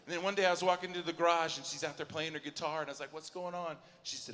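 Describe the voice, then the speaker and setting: A man's voice: on the high side, fairly even intonation, racing, hardly any pauses, bright, forceful tone. A man in his forties doing a stand-up comedy set, chatty and self-mocking, often asking the crowd if they follow him. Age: 40s. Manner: chatty, self-mocking, keeps asking the crowd "you know what I'm saying?". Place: large auditorium at a live show. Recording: hall reverb from a live venue.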